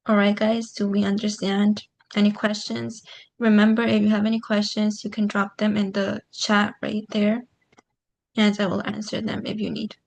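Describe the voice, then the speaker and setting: A woman teaches punctuation in an online class, walking through each example patiently and filling pauses with "um." Her voice carries a gravelly fry, and her pitch stays fairly level and even throughout. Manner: patient, explains step by step with many "um"s. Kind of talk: online grammar lesson.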